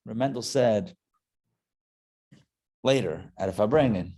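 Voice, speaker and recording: A man's voice: medium pitch, animated, normal speed, a little mellow. A rabbi giving a live Torah class in a loose, chatty way, often restarting his sentences, adding joking asides, and swelling with emphasis as he tells a story. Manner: casual, self-interrupting, joking asides.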